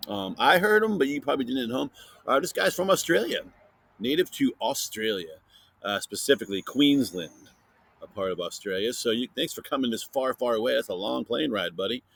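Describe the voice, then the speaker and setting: A man hosting a casual science podcast for kids, playfully interviewing a silent guest and filling pauses with chatter. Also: mid-range voice, expressive, creaky, a bit bright, dry recording. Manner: chatty with many fillers. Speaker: podcast host.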